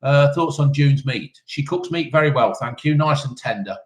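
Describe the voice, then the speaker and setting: A man's voice: mid-range voice, lively intonation, normal speed, echoey room. A man in his fifties hosting a casual live chat. He reads out viewers' questions and answers them with blunt, sweary, cheeky banter. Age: 50s. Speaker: live-stream host reading chat questions.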